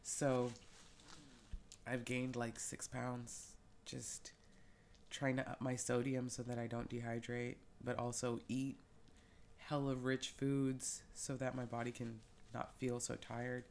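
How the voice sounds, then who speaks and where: Young woman, low voice, under the weather, chatty, faint hiss behind. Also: level tone, takes it slowly, darkish tone. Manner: chatty, jumps between topics with bursts of laughter. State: sick, eyes watering. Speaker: podcast co-host. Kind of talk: casual chat.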